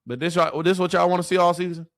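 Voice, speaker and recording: A man's voice: high-pitched, fairly even intonation, fast, no echo, studio quality. A man ranting to his live chat as a sports commentator, repeating rhetorical questions in exasperation.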